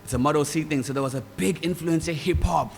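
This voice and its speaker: A man's voice: a little high, quick pace, vocal fry. Durban man telling stories, roomy hall. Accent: South African, Durban. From South Africa. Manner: relaxed, rambling, mixes in Zulu phrases and mimics voices. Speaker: guest musician. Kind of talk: casual interview storytelling. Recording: hall reverb with faint ambient noise.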